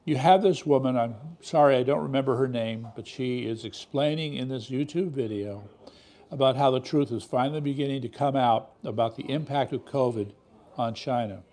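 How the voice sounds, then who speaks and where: A man's voice: medium pitch, normal speed, a little mellow. A man hosting a political commentary show, talking in an indignant, emphatic way full of rhetorical questions. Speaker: show host.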